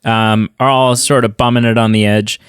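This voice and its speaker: A man's voice: lowish voice, flat delivery, moderate pace, clear, resonant tone, dry recording, studio quality. A man hosting a podcast, chatting casually in a review and retelling scenes with many fillers. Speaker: podcast host. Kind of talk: casual film review chat.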